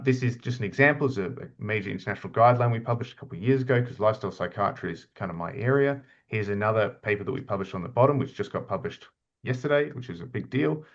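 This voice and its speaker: A man's voice: fairly low pitch, highs cut off. A middle-aged man gives an informal slide lecture as an academic lead, chatty, with many fillers and restarts. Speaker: university academic lead presenting a webinar.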